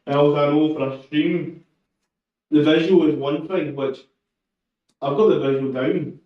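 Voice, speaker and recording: A man chatting casually during a live stream while he trains, relaxed and swearing now and then. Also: fairly high pitch, unhurried. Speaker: streamer training for a powerlifting meet. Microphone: shotgun mic through a camera, away from him. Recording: echoey, distant, muffled lo-fi mic.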